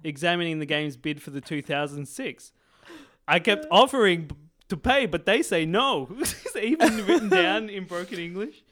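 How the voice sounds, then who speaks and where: A man's voice: high voice, expressive, moderate pace, fairly bright tone. A man co-hosting a casual comedy chat, reading out a news story with quotes and breaking into laughter and swearing. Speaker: podcast co-host.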